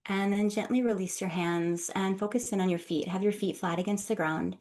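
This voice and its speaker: A woman who works as a somatic healer, leading a guided breathing exercise with soft-spoken, calm instructions and affirming encouragement. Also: medium pitch, fairly quick.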